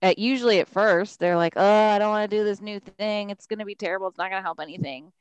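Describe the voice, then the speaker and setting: A woman's voice: medium pitch, fast, smooth, no room sound, rough recording. A woman speaks firmly as podcast co-host, giving advice in a casual chat. Her voice sits in a dry, close recording with little room sound.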